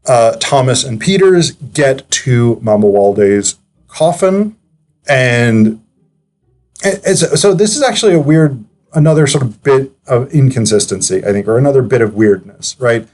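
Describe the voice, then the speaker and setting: A man's voice: mid-range voice, animated, a little slow, a little mellow, soft background music. A man giving casual, analytical commentary as a film reviewer, chatty and digressive, with frequent hesitations.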